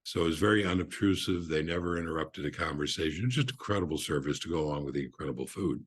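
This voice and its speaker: An older man with a notably deep voice shares stories as a podcast guest. His tone is husky, and he talks unhurriedly, with frequent fillers and restarts. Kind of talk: relaxed anecdote telling.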